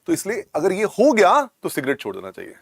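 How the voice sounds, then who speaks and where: A man's voice: sits high, huge pitch swings, rapid-fire, creaky, husky, no echo, studio quality. A man with an Indian English accent giving a medical coaching lecture, repeating key points and switching between Hindi and English.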